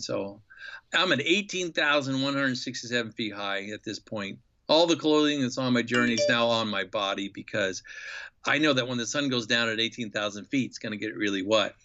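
A man telling an enthusiastic, reflective story as a guest in an interview, with many pauses and fillers. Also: medium pitch, bright, forceful tone, lo-fi sound.

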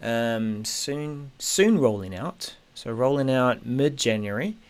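A man's voice: medium pitch, expressive, slow pace. Man, podcast host, casual tech chat, hesitant, lots of ums, trails off.

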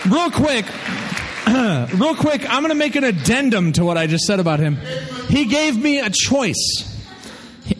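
Male host, very high voice, joking intros, reverberant hall with faint hiss. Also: very animated, normal speed. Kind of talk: introducing speakers at a storytelling show.

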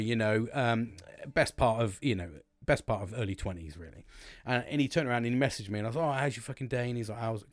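A man's voice: medium pitch, no echo. A man in his forties hosting a solo podcast, talking casually into a close mic in a rambling, sweary, self-mocking way. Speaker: podcast host. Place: at home, drinking cider. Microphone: close studio-style mic.

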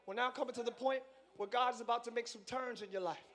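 A pastor delivers a live sermon in a large church hall, excitable and playful, shifting between quiet asides and shouting while teasing his congregation. His voice is extremely high-pitched, and he talks fast.

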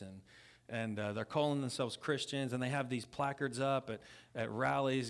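A man's voice: mid-range voice, level tone, moderate pace. A man giving a conversational sermon as a guest preacher at a church service. He is casual and earnest, often restarts his sentences and speaks straight to the congregation. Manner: casual and earnest, with frequent restarts and asides to the listeners.

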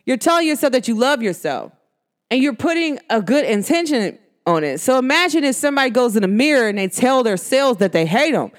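Podcast host, woman, New York–New Jersey accent, casual and emphatic, slangy monologue with wide pitch swings. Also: sing-song, a little fast.

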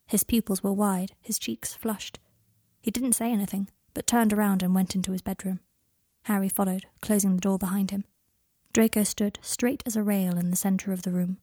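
A woman reading a story aloud, with soft, intimate, measured narration. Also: mid-range voice, no echo, studio quality. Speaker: podfic reader. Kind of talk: audiobook narration of fan fiction.

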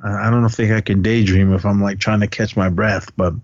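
A man's voice: fairly low pitch, level tone, a little fast, no echo, dull audio. A man co-hosting a podcast, casually retelling movie scenes, often laughing and swearing now and then. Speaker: podcast co-host. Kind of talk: casual movie recap chat.

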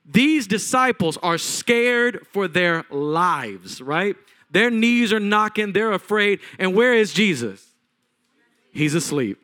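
Male pastor, higher voice, preaching; dramatic storytelling that jumps between loud and quiet. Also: slow pace. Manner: animated storytelling, acting out voices, swings from loud to hushed. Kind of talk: sermon.

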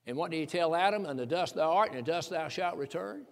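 An older male preacher from Tennessee delivers a sermon, folksy and emphatic, climbing into fervent high peaks. His voice sits a bit high for a man. A long church-hall reverb trails every phrase. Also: animated, fast, creaky. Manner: folksy, emphatic preaching with rising fervor and chuckles.

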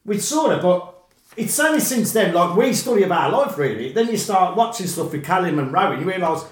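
A man's voice: high-pitched, big pitch swings, a little fast, roomy sound. A man with a Birmingham accent co-hosting a podcast, chatting about a film and acting out quoted reactions with laughs. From Birmingham, England. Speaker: podcast co-host. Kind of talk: casual film chat.

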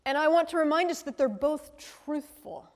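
Speaking at normal speed in a high, animated voice, a woman pastor preaches conversationally and, like a teacher, keeps checking in with the congregation via tag questions. A large hall's long reverb surrounds her.

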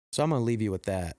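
A middle-aged man talking on his podcast, earnest and pumped up, rambling with restarts and leaping up in pitch whenever he acts out quoted exclamations. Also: darkish tone, smooth, no echo. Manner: jumps high for quoted exclamations. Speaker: podcast host. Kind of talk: motivational podcast monologue.

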